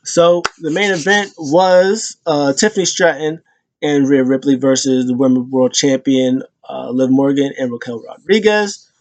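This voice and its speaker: A man's voice: mid-range voice, unhurried, no room sound. Rambling man recapping wrestling. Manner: rambling, many fillers, acts out quotes in raised voices. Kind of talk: casual recap talk.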